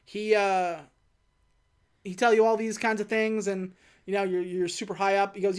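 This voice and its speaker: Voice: mid-range voice, little pitch movement, normal speed, pauses often, clean tone. A podcast co-host casually recapping a film plot, quoting the characters in an offhand way. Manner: retells scenes by quoting characters in a loose, offhand way.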